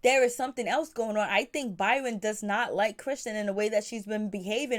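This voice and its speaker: Woman, host of a casual recap show; chatty and opinionated, mid-range voice. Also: medium pitch.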